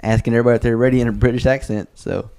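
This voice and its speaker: A man's voice: medium pitch, fairly even intonation, racing, warm tone, clean tone. A man hosting a casual podcast chat, laid-back and rambling with restarts. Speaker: podcast host.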